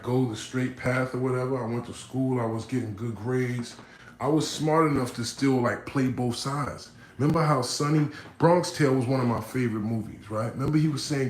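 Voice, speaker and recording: A man casually telling his life story, often checking in with the listener, growing animated when he acts out other people. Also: medium pitch, roomy sound, a little hiss or hum, rough recording. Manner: conversational, frequent "you know what I'm saying", animated when quoting others. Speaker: vlogger.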